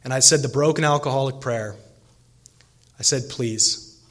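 A man's voice: mid-range voice, normal speed. Guy telling his recovery story, earnest and choked up, lots of um and like. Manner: earnest, emotional, frequent fillers and restarts. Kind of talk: personal testimony speech.

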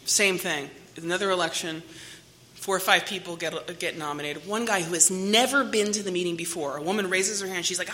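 Middle-aged woman, AA speaker, candid and self-mocking, slightly low voice with a bright edge. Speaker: AA meeting speaker. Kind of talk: personal recovery story.

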